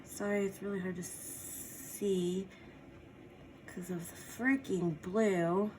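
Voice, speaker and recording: A woman teaches painting in a relaxed, chatty way, talking as she works and tossing in apologetic asides. Her medium-pitched voice is steady, slow and a little mellow, with a slight hiss or hum.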